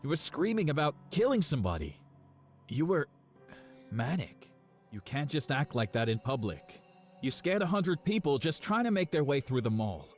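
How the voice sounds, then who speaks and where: A man playing a tall, calm security guard with an Australian or New Zealand accent, gently pleading with a young woman. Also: low voice, normal speed, lightly acted. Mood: upset. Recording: faint music behind.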